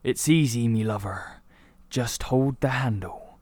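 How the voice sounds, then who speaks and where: A man putting on a slow growling pirate captain. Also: mid-range voice, darkish tone, no room sound, natural voice. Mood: easygoing. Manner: drawn-out growling pirate talk. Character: gruff old male pirate captain, rum-soaked.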